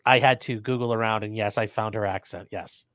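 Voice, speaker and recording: Halting male livestream host. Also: on the low side, steady tone, fairly bright tone, no echo, studio quality. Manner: halting, repeats words, reads super chats aloud. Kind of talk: casual livestream chat.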